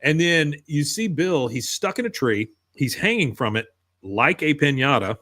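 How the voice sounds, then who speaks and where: A podcast co-host with a high-leaning, expressive and slightly bright voice casually recaps a cartoon episode scene by scene. He slips into quick voices whenever he quotes characters.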